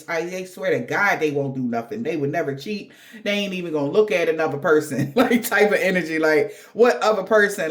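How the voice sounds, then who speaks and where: A woman giving a casual spiritual reading to viewers, blunt and profane, chatting with laughing asides. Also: lowish voice. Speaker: tarot card reader.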